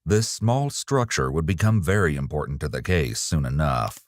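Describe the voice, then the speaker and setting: A man reading grave, measured true-crime narration from a script. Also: a bass voice, expressive. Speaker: documentary narrator.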